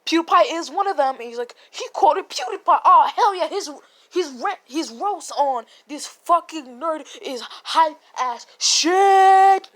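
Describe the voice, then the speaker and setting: A woman's voice: high voice, expressive, a little slow, fairly bright tone. A woman casually retelling a fan story in a rambling, profane way, often laughing and correcting herself.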